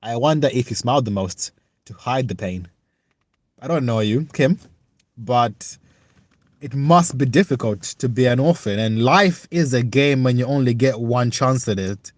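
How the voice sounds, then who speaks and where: Earnest slow-talking man streaming live. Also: medium pitch, expressive, no echo. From United Kingdom. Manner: earnest, reflective, halting. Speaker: livestreamer. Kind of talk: casual live chat, reading and answering viewer comments.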